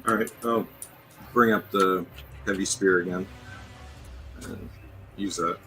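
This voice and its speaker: A man's voice: deep voice, steady tone, takes it slowly, over music, low-quality recording. A man playing in a tabletop game, matter-of-fact and a little hesitant as he reads out his rolls. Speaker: player. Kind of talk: casual tabletop game play.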